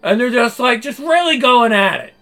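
Loud sweary guy going off on a rant, bright tense voice, faint music behind. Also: extremely high pitch, sing-song, moderate pace, creaky. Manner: loud, mocking, swearing constantly; shouts in bursts. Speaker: commentator reacting to a narrated clip. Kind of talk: profane comedic rant.

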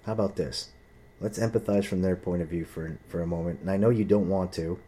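Young man, low dark voice, heated profane storytelling monologue. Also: steady tone, brisk, slightly rough. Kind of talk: casual ranting monologue.

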